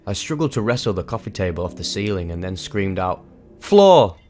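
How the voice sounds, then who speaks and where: A man's voice: sits low, fast talker, faint music behind. A man narrating a harrowing personal experience in vivid, intense, emphatic storytelling. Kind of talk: dramatic first-person storytelling.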